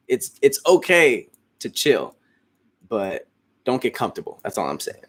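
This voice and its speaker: A man's voice: medium pitch, sing-song, normal speed, fairly bright tone. A man hosting a casual stream, chatting with his fans in a loose, rambling way, with frequent restarts and casual swearing. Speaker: host. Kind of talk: casual livestream chat answering fans.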